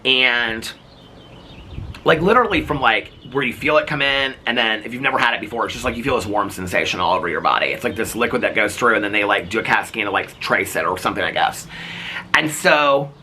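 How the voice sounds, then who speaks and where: A man vlogging, retelling a hospital visit in a rambling, animated way, full of "like" fillers and acted-out quotes. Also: on the low side, brisk, a little hiss or hum. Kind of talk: casual storytelling to camera.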